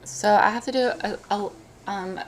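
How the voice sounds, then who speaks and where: A woman talking on a live stream in casual chat, speaking emotionally, with halting restarts. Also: medium pitch, slight background noise.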